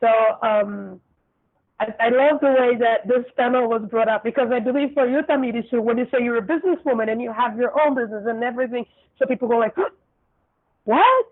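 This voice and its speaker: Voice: medium pitch, fairly even intonation, quick pace. A speaker from Brazil, talking thoughtfully in a panel discussion. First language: Portuguese. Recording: tinny phone-like call audio.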